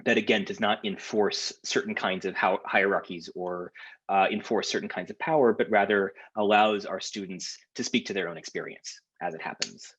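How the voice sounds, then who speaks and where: A man leading a seminar over a video call, talking in a halting way full of fillers and restarts. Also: on the low side, fairly bright tone, slightly rough, lo-fi sound. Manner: hesitant, lots of fillers and restarts. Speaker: workshop leader.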